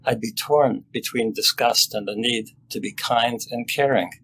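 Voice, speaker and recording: An older man, a family doctor, reading his own story aloud in a measured, sober and reflective way. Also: mid-range voice, steady tone, a bit bright, slight background noise, poor audio.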